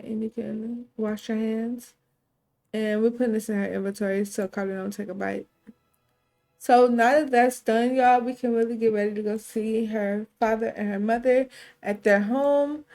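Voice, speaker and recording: A woman's voice: on the high side, steady tone, normal speed, a little mellow. A woman narrating a life-sim game in casual chat, voicing the characters' lines herself. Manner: chatty, voices sim dialogue in quotes. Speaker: gameplay narrator. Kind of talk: casual let's-play storytelling.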